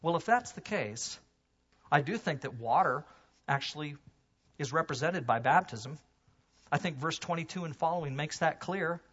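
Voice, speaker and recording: Husky, animated man preaching. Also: normal speed, dull audio. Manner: animated preaching, swings from loud emphasis to hushed low asides. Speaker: pastor. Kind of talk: sermon. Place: church sanctuary.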